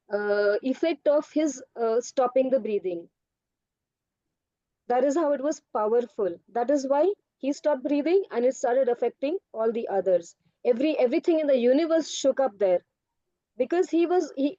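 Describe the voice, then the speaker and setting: A woman's voice: high voice, dark tone, no echo. A woman teacher on a video call, patiently explaining a story to children and calling them "beta". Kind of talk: online class answering students' questions. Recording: dull online call audio.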